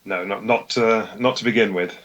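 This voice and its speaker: A man's voice: lowish voice, steady tone, moderate pace, a bit bright, lo-fi sound, slight background noise. Hesitant male podcast guest. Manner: hesitant, many ums and uhs. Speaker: podcast guest, comic creator. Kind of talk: casual chat.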